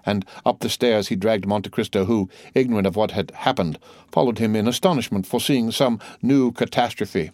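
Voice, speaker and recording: A man narrating a classic novel aloud in a measured, dramatic reading. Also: on the low side, a little mellow, dry recording, clean studio sound. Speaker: audiobook narrator.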